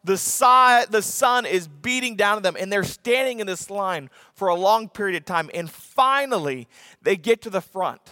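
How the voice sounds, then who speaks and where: A man preaching a sermon as a pastor, telling a story with lively acted-out voices and sudden shouts for emphasis. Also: high-pitched, moderate pace, no echo, in a large hall.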